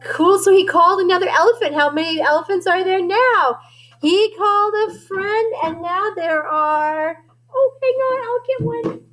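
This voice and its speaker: A woman music teacher leading young children, sing-song and animated, singing lines for them to echo in her classroom. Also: very high-pitched, moderate pace.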